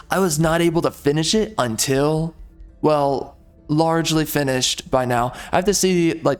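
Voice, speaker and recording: Profane male gamer commentating in a slightly high voice, unhurried, faint game music behind. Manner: rambling, profane, easily exasperated. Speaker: gameplay commentator. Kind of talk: casual gameplay commentary.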